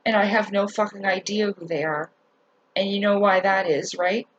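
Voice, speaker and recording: A woman telling a story in a casual rant to her viewers, animated, swearing and laughing as she talks. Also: mid-range voice, moderate pace, muffled recording. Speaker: vlogger.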